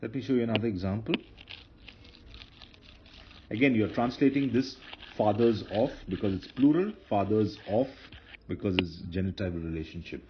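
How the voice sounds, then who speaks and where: A man's voice: fairly low pitch, animated, normal speed. A man teaching Hebrew grammar in a patient lecture, often repeating himself and correcting slips. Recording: dull lo-fi lecture recording with faint noise.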